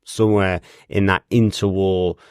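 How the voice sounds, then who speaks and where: A man co-hosting a casual podcast, speaking in a measured way with fillers. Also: sits low, flat delivery, darkish tone, smooth, no echo, studio quality. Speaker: podcast co-host.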